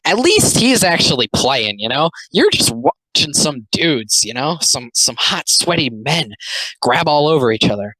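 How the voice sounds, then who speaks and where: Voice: medium pitch, sing-song, normal speed, sharp tone, no echo, poor audio. A speaker giving casual, rambling, sarcastic commentary on comics, full of filler words. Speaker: commentary host.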